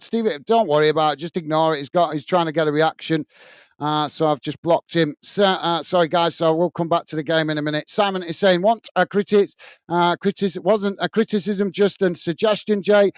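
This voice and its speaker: A man's voice: fairly high pitch, clean tone, no echo. A middle-aged English man hosting a live football watch-along, commenting on play and reading viewer messages in a blunt, upfront way. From England.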